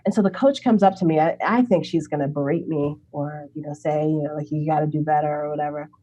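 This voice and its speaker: A woman in her forties from Brooklyn, New York City, telling a story as an interview guest in a chatty, animated way, acting out remembered dialogue and laughing often. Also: sits low, quick pace. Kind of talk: casual conversational storytelling.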